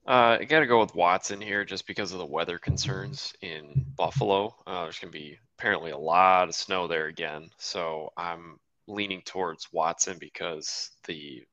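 A man's voice: low-pitched, pushed and bright, no room sound, lo-fi sound. A man appearing as a fantasy football guest on a podcast, giving easygoing, reasoned start-or-sit answers.

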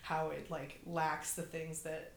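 A young woman talks casually on a podcast, slipping in "like" constantly and laughing often. Her voice sits a little low. The room rings with echo, and a faint rumble hums underneath. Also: flat delivery, takes it slowly, creaky. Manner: chatty, laughs often, says "like" a lot. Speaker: podcast co-host. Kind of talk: casual film discussion.

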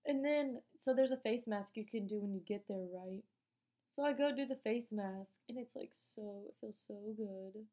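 Chatty, swearing teenage girl, mellow tone. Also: medium pitch, moderate pace, rough recording. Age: late teens. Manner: profane, chatty, slangy; animated, acts out dialogue. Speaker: vlogger. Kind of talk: casual storytelling.

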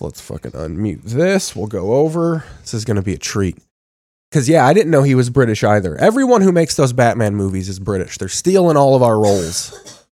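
A man's voice: mid-range voice, darkish tone. A male podcast host talks through a bout of covid, his voice congested. He rambles and swears in loose, joking chat. The sound is dry and close, with no room echo. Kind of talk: casual profane chat.

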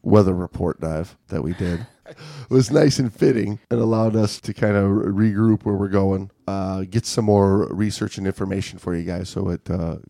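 A man's voice: low-pitched, normal speed, vocal fry, hardly any pauses, warm tone, no echo, clean studio sound. A man co-hosting a diving podcast in casual chat, rambling with many restarts. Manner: rambling, restarts and filler-heavy. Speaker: podcast co-host.

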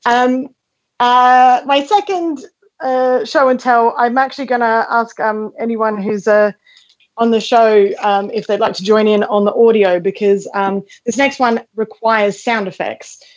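A young woman talks through a comic show-and-tell over a video call from her front room, a little high in pitch. She is chatty and self-mocking, full of ums and restarts. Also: steady tone, measured pace, lo-fi sound. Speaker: comedian guest. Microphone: video call from home.

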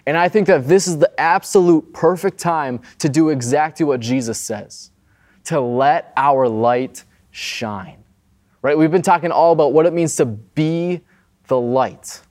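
A pastor giving a casual, conversational sermon, often checking in with the listener. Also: male voice, on the high side, moderate pace, darkish tone. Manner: conversational, often adds "right?".

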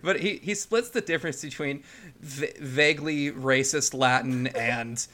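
A man's voice: mid-range voice, measured pace, bright, forceful tone. A young man co-hosting a casual podcast chat, laughing often and restarting his sentences. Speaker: podcast co-host.

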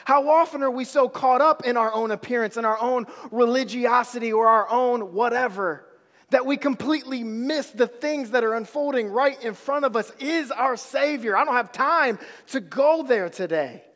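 A man's voice: very high voice, normal speed, fairly bright tone, big-room sound. A man preaching a sermon, with emphatic repetition and casual slang.

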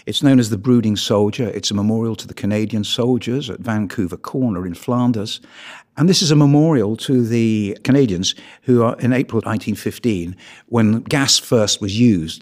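A husky, fairly low-voiced man from Britain presents his photographs to an audience. He speaks earnestly and with measure, pushing hard on the words that matter. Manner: earnest, measured, with emphatic rises on key words. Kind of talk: illustrated public talk.

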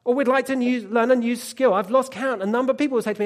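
A man's voice: very high-pitched, fast. A man preaching a sermon, telling stories with emphatic repetition. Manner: animated storytelling, emphatic repetition.

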